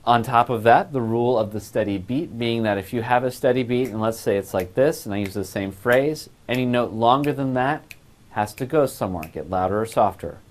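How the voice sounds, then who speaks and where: A man's voice: mid-range voice, brisk. A man teaching a voice class, explaining phrasing and breaking into short sung examples. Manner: explains clearly, sings short demonstration phrases. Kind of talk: recorded music lesson.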